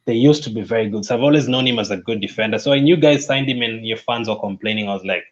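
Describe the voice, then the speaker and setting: Low-voiced man on a dull line. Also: rapid-fire, hardly any pauses. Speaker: football podcast co-host. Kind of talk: casual chat.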